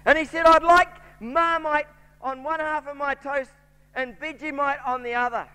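A man's voice: extremely high pitch, steady tone, moderate pace, bright, forceful tone. A man with a New Zealand accent preaching a sermon, telling a story and voicing its characters. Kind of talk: sermon with anecdote. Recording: church hall reverb.

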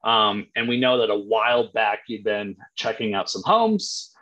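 A man's voice: on the low side, lively intonation, a little slow, bright, forceful tone, muffled recording. A man coaching real estate agents in a blunt, emphatic way, cursing freely as he makes his points. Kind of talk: live coaching talk.

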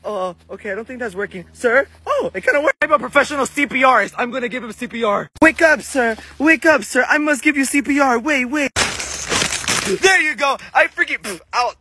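A young man in comedic skits, playful and goofy, often yelling. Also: very high voice, animated, a little fast, a little hiss or hum. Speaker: comedy skit creator. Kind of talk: comedic skits and vlog clips.

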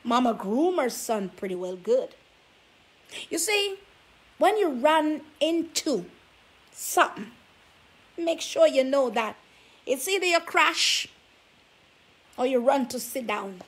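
A woman's voice: sits high, lively intonation, slow pace, pauses often, husky. A woman vlogger giving relationship advice, scolding her listeners with sassy rhetorical questions. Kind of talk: preachy talk to camera.

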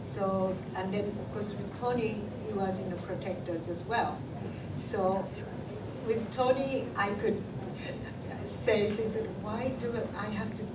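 An older woman with an English accent telling an anecdote at a convention panel, halting with many restarts and laughing a lot. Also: mid-range voice. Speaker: panel guest, actress. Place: convention hall. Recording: echoey hall from far off with loud noise.

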